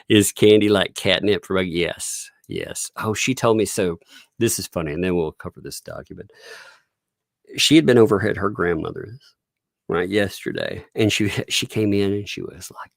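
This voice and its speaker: A man in his thirties hosts a relaxed livestream, talking casually and laughing often. His voice sits low with a gravelly edge, and the sound is dry and close. He drifts into quoted voices while telling family stories. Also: moderate pace, no echo. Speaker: livestream host.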